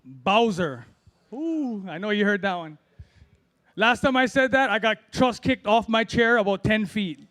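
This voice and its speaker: A man's voice: sits high, animated, a little slow, fairly bright tone. A middle-aged man from Hawaii doing a loose, rambling open-mic stand-up set. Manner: rambling, self-deprecating, loose delivery with fillers. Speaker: amateur stand-up comic.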